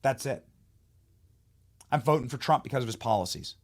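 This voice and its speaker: A man's medium-pitched, animated voice moves at a moderate pace as he hosts a political commentary show. Heated and mocking, he emphatically delivers an opinionated monologue.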